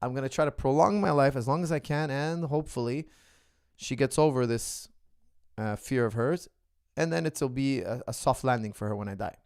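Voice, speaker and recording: Answering viewer questions, a middle-aged martial arts coach from the West speaks in an earnest, philosophical, casual monologue. His medium-pitched voice is clear, resonant, and darkish, at a moderate pace, with clean studio sound and no echo.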